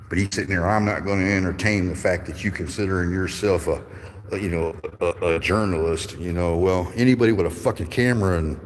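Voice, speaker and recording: A man's voice: sits low, in a large hall, a little hiss or hum. A man in his fifties ranting angrily and profanely while livestreaming, telling rambling stories. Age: 50s. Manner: angry, profane, rambling storytelling. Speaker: livestreaming channel host. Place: courthouse building with echo.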